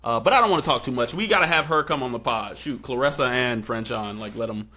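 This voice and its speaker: A young man hosting a podcast, casually telling a story and acting out quotes in excited high bursts. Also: fast. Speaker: podcast host.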